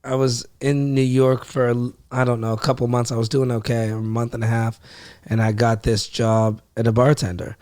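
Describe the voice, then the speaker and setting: A man's voice: medium pitch, little pitch movement, moderate pace, darkish tone, no room sound, clean studio sound. A young man from Ohio, a comedian, telling a story in casual podcast talk, acting out quotes and swearing freely. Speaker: comedian guest.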